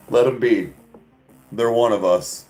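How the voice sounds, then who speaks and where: A man's voice: medium pitch, takes it slowly, darkish tone, faint music behind. A man hosting a casual podcast chat, rambling in a crude, joking way and laughing often. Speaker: podcast host. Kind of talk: casual chat answering viewers.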